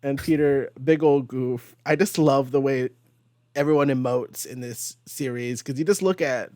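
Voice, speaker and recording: Young man, comic podcast host, giggly, quotes characters, mid pitch, dry close sound. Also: normal speed, no echo. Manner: giggly, animated, recaps with quoted dialogue. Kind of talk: casual chat.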